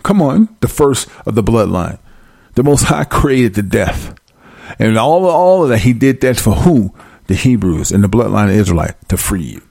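Gravelly preaching man, dry sound. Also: fairly low pitch, sing-song, normal speed, darkish tone, no echo. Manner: emphatic, slangy, acts out frightened voices. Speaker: street preacher. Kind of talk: informal preaching and scripture reading.

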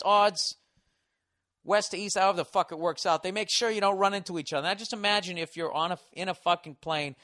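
A man's voice: high-pitched, fairly bright tone. Profane ranting man in his forties. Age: 40s. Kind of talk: comedic rant.

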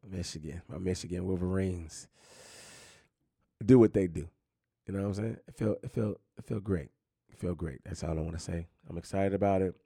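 A man with a low, gravelly voice runs through the day's sports news in a loose, casual chat. He circles back and repeats phrases, padding his talk with constant fillers. The sound is close and dry, with no room around it. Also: warm tone, no echo. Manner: rambling, repeats phrases, many "you know what I'm saying" fillers.

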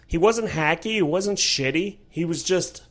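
A man's voice: high-pitched, a little slow. A man, a comedian, in casual green room chat, complaining wryly and swearing freely. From Cleveland, Ohio. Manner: animated, swearing, wry complaints.

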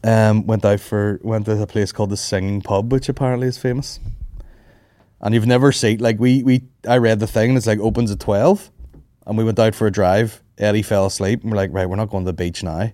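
A man's voice: on the low side, brisk, no room sound. Sweary man telling stories. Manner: sweary, rambling, animated anecdotes. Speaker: podcast co-host. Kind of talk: casual banter storytelling.

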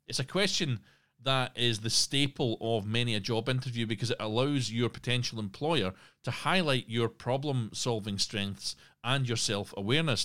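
A man's voice: medium pitch, a bit bright. A man hosting a solo podcast, talking casually with asides and restarts. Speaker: podcast host.

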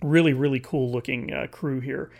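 A man giving a casual, halting recap of a comic book, stopping and restarting his sentences as he reads out the panels. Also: medium pitch, steady tone, gravelly, darkish tone.

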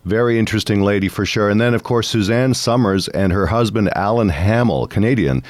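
A man's voice: fairly low pitch, a little fast, no room sound. A man hosting a talk show, chatting and reminiscing with his guest. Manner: conversational, reminiscing. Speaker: host. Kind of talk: casual interview chat.

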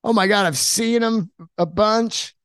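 A man's voice: high-pitched, unhurried, fairly bright tone, clean tone, no echo, studio quality. A man hosting a podcast, rambling casually and enthusiastically with frequent swearing and filler words. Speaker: podcast host. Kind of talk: casual monologue.

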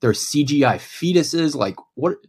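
A man's voice: on the high side, lively intonation, a little slow, a little mellow, husky. A man in a casual movie podcast chat, wry and incredulous about what he describes.

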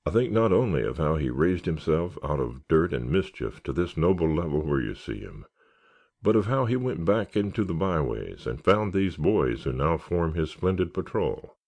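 A man's voice: rumbling low, very animated, moderate pace, darkish tone, exaggerated voice. A man reading the part of a genial male scoutmaster giving an earnest, rallying speech in an audiobook. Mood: rousing. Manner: earnest, oratorical, rallying cheers.

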